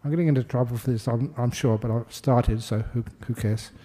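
A man's voice: mid-range voice, fairly even intonation, a little fast, dark tone. A monk giving a humorous dharma talk, jokey and self-deprecating, laughing at his own jokes. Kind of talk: humorous spoken sermon.

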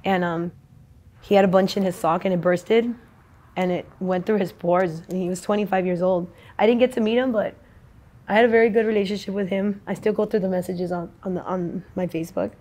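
A woman's voice: medium pitch, steady tone, fairly quick, warm tone. A young adult woman in a casual street interview, talking in a rambling, slangy, profane way.

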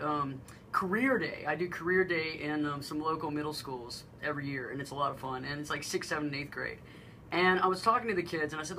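A woman with a deep voice that gets mistaken for a man's, co-hosting a radio talk show and telling lively stories. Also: a little hiss or hum, poor audio. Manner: low-voiced, animated storytelling with laughs. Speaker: radio co-host.

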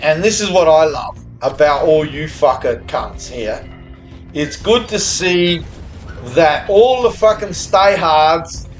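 A tipsy man talks in a high voice with a slow, unhurried drawl. He rambles to his viewers, swears constantly and slurs a little. Faint music plays behind him. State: tipsy, slurring a little after beers. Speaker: streamer. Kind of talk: live gambling stream chat. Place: hotel or home room abroad.

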